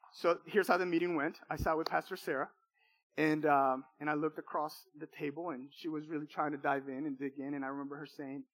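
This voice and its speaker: A man's voice: on the high side, steady tone, a little fast, fairly bright tone. A man preaching a sermon, telling a personal testimony in an emphatic, repetitive way with emotional swings.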